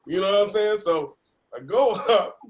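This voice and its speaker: High, lively male comedian telling stories. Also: moderate pace. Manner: laughing, acts out voices in his stories. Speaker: comedian guest. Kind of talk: animated storytelling on a video-call podcast.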